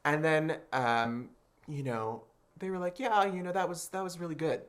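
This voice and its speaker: Man, interview guest, expressive storyteller; quotes others with high pitch swings, leans heavily on filler words. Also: normal speed. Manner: expressive, acts out quoted voices with big pitch jumps; chatty, many "I was like" and "like" fillers. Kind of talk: animated storytelling.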